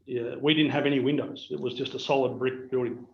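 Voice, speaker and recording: A middle-aged Australian man, a business owner, telling animated anecdotes to peers on a video call. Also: medium pitch, brisk, gravelly. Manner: anecdotal, animated storyteller acting out dialogue. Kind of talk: storytelling keynote on a video call. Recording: roomy, dull video-call audio.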